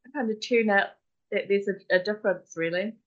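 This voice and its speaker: A woman's voice: mid-range voice, brisk, lo-fi sound. A New Zealand woman in her forties, a podcast guest talking in a modest, hesitant way. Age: 40s. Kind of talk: casual conversation.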